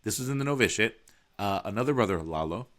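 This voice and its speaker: Man from puerto rico, low voice, animated storyteller, laughs a lot, casual podcast chat. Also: fast talker. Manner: animated storyteller, laughs often, acts out dialogue.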